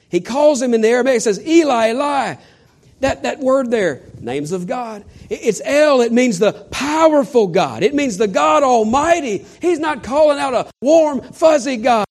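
High, lively-voiced preaching man. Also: moderate pace. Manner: dramatic, swinging from shouts to hushed near-whispers; asks the listeners rhetorical questions. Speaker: pastor. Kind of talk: sermon.

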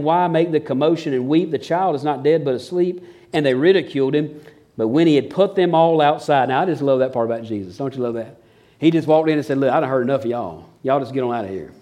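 A man, preaching a sermon in a folksy, storytelling way and acting out the people in it. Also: fairly high pitch. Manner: folksy, animated storytelling with dramatized quotes. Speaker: pastor.

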